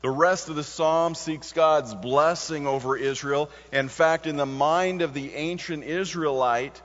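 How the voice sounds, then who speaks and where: A man preaching a sermon as pastor. He moves between quiet passages and emphatic lines, stressing key words. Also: a little high, a little slow. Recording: muffled sound with long hall reverb.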